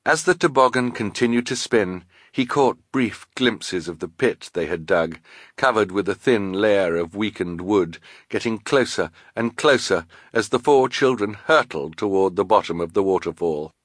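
A man narrating an audiobook with a wry, expressive reading. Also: on the low side, normal speed, no room sound, studio quality. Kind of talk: scripted narration.

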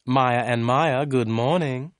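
A man's voice: medium pitch, clean tone, no room sound, clean studio sound, voice pushed up, lightly acted. A man doing polite office voices on the phone. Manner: polite, measured phone answers. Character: polite office receptionist and her boss.

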